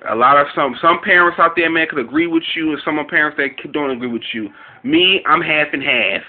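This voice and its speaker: A man's voice: fairly high pitch, brisk. A man ranting casually on camera about a news story, profane and rambling, in loose street talk. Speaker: video commentator. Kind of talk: casual reaction rant. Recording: tinny phone-like audio.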